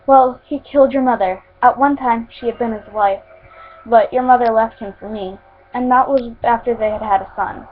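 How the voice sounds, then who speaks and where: A woman's voice: a little high, steady tone, normal speed, soft background music, lightly acted. A woman reading the lines of a stern pirate father, giving orders in a firm, commanding way. The sound is tinny and phone-like.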